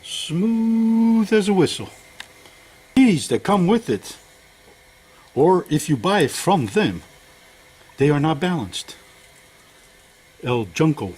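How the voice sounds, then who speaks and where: A man's voice: on the high side, big pitch swings, takes it slowly, pauses often, darkish tone, breathy edge. An older man chatting folksily to viewers as he works on an engine in his home workshop, rambling from one thought to the next. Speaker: home mechanic vlogger. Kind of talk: casual workshop vlog.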